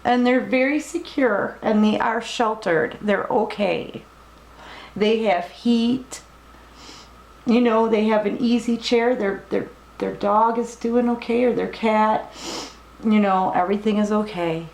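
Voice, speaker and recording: Slow, tender-voiced tarot reader woman. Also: fairly high pitch, creaky, reverberant, rough recording. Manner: gentle, reassuring, emotional, talks directly to the viewer. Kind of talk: collective tarot reading to camera.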